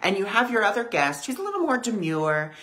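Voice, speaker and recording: A woman's voice: medium pitch, very animated, fairly quick, a bit bright. A woman hosting a weekly spiritual discussion, talking conversationally and acting out voices in her stories. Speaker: spiritual teacher.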